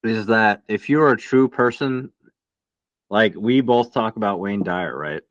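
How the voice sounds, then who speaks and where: A man's voice: on the low side, measured pace, no room sound. Earnest American man, dull lo-fi sound. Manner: earnest, philosophizing. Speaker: podcast co-host. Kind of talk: casual chat.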